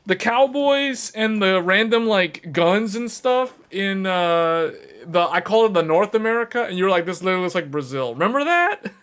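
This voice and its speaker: A man streaming to his viewers, chatting casually in a rambling, animated way and laughing often. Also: high voice, measured pace, clean tone.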